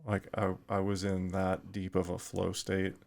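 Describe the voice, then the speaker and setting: A middle-aged man, a retired firefighter, talking thoughtfully in a podcast interview, pausing and restarting often. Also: low voice, completely flat delivery, vocal fry, darkish tone. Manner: thoughtful, halting with frequent restarts.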